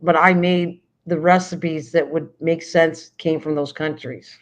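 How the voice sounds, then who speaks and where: A woman's voice: low-pitched, steady tone, measured pace. An older woman hosting a casual late-night chat, rambling and often restarting sentences while she searches for words. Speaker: livestream host. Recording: dull lo-fi stream audio.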